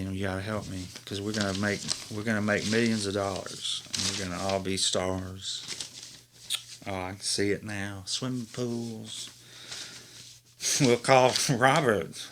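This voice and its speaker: A man's voice: lowish voice, a bit bright, a little hiss or hum. A man hosting his own show in rambling, casual chat, often laughing at his own jokes. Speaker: host.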